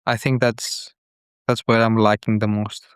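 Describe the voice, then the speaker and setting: A man calling in as a father, speaking earnestly and haltingly in a call-in conversation. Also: fairly low pitch, little pitch movement, smooth, no room sound, studio quality. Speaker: caller, father.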